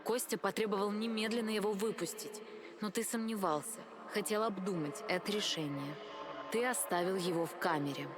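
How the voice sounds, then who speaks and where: An actress voicing a calm guiding woman in a video game, with measured, steady delivery. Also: medium pitch, music in the background, close to an everyday voice.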